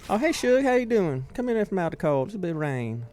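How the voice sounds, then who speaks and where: A man putting on a high, folksy West Texas drawl as a hospitable innkeeper. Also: sing-song, fast, a little mellow, faint music behind. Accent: West Texas drawl, put on.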